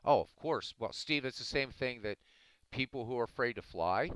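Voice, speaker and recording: A man's voice: mid-range voice, animated, moderate pace, a bit bright, clean tone, dry recording, low-quality recording. A man who says he is Irish, streaming live and arguing back at his chat in a casual, combative way. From Ireland. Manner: argumentative, talking back to chat.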